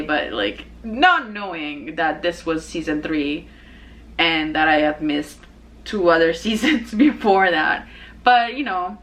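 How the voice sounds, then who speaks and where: A young woman hosting her own show, chatting casually in a rambling way, full of fillers and restarts and quick to laugh. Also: deep voice, expressive, fairly bright tone, a little hiss or hum, low-quality recording. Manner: laughs easily. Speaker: podcast host. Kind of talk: casual personal chat.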